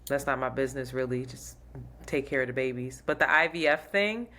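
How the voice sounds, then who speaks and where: A woman's voice: a bass voice, expressive, fairly quick, pushed and bright, a little hiss or hum. A woman co-hosting a podcast, giving her opinion in casual chat, candid and reflective. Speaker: podcast co-host.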